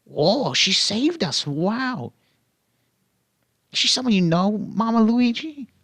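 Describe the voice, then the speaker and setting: A man's voice: sits high, sing-song, slow, a bit bright, dry recording, clean studio sound, voice pushed up, full character voice. A man voicing a nervous, confused little dinosaur with stammering, squealing lines. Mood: amazed.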